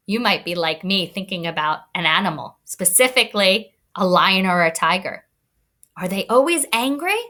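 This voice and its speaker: A woman's voice: medium pitch, sharp tone. A woman teacher giving a read-aloud lesson to young children, encouraging and thinking aloud as she explains.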